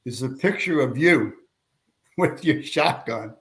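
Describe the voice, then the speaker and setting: An older man from Pennsylvania, a guest telling lively anecdotes in an interview and raising his voice for quoted people. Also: medium pitch, takes it slowly. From Pennsylvania, USA. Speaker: guest, veteran and retired police officer. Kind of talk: storytelling in a podcast interview.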